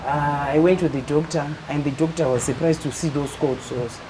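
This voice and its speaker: A middle-aged woman calmly telling her personal story as an interview guest. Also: low voice, brisk, background noise. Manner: calm, matter-of-fact, acts out quoted dialogue.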